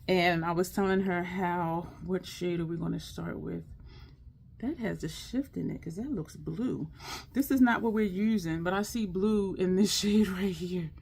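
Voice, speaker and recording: Gravelly-voiced woman hosting a makeup chat. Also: on the low side, a little slow, darkish tone. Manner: chatty, upbeat and affirming, talks straight to viewers. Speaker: makeup channel host. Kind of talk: casual makeup tutorial chat.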